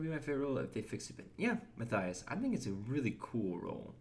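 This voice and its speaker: A man's voice: fairly low pitch, big pitch swings, fast talker, few pauses, darkish tone, slight background noise. A young man chatting casually while streaming a game, reading and answering chat and often restarting his words. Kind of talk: casual gameplay commentary.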